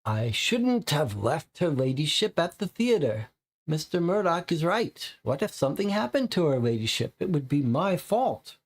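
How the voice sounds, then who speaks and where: A young chauffeur in a tabletop game, downcast and anxious, sure the trouble is his fault, as a man voices him. The voice is slightly raised and gravelly. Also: on the high side, very animated, normal speed. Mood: dejected. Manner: dejected, anxious. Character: young, downcast male chauffeur, guilt-ridden.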